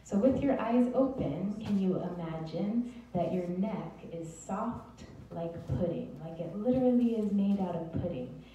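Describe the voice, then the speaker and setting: A woman leads a group exercise in a calm, encouraging voice with a warm, mellow tone. She is heard from well off the microphone in a very reverberant hall. A faint hiss of noise sits underneath. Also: mid-range voice, measured pace, few pauses, dull audio. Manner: gentle, encouraging, coaching a group step by step. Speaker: Alexander Technique teacher. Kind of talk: guided group exercise instruction. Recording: roomy distant mic with faint noise.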